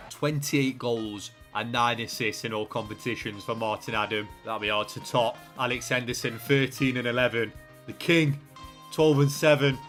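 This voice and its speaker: A man giving lively play-by-play commentary on his own video game, swinging from quiet muttering to shouting at the big moments. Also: mid-range voice. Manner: excitable, shouts at goals, banter. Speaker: gaming YouTuber.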